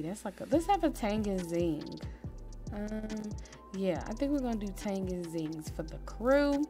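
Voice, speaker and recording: A woman hosts a relaxed let's-play and talks straight to her viewers. Her voice sits at an ordinary middle pitch, drops to a low murmur over the menus and jumps to excited squeals. Soft game music plays faintly underneath. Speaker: gaming channel host. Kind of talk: casual let's-play commentary.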